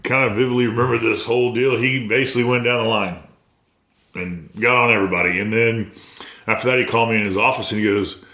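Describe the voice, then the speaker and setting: A middle-aged American man, a former college baseball player, telling animated stories in a casual interview and acting out what others said. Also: medium pitch, fast, echoey room. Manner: animated storyteller, acts out quotes, laughs often.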